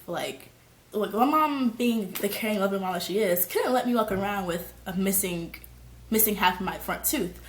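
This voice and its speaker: A young woman vlogger telling a story in a casual, slangy, animated way, shrieking when she quotes people. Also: medium pitch, normal speed, echoey room. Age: young adult. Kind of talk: storytime vlog.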